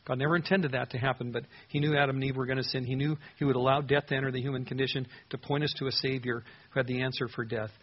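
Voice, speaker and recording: A man's voice: medium pitch, steady tone, quick pace, breathy edge, highs cut off. A man preaching a sermon, earnestly reading scripture verses aloud and explaining them. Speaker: pastor.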